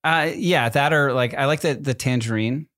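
Male co-host, goofy deadpan jokes, meandering thoughts, dry room. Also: mid-range voice, dry recording. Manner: joking, rambling, halting restarts. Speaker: podcast co-host. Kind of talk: casual chat.

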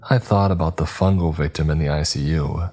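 Super deep guy reading a scary story, steady and measured, quiet music behind. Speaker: horror story narrator. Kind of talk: scripted horror narration.

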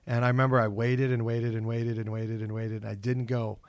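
A man's voice: mid-range voice, fairly quick, no room sound, clean studio sound. A middle-aged man, a comedian and actor, telling stories in a casual interview and acting out his own inner voice. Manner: animated storyteller, acts out his own inner voice. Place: office.

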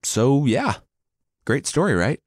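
A man's voice: medium pitch, sing-song, takes it slowly, no room sound, clean studio sound, voice pushed up. A man voicing an eager, naive young man who defends his story.

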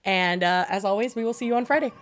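A woman's voice: mid-range voice, fast talker, over music. A woman co-hosting a podcast in casual chat, laughing often, swearing freely and slipping into mock British voices. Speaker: podcast co-host.

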